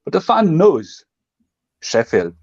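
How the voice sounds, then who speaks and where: A man's voice: fairly high pitch, wildly swooping pitch, takes it slowly, vocal fry, a little mellow, breathy edge, dry recording, dull audio. A man co-hosting a football fan show, talking passionately and emphatically in casual chat and acting out what others say. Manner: passionate, emphatic, acts out quotes.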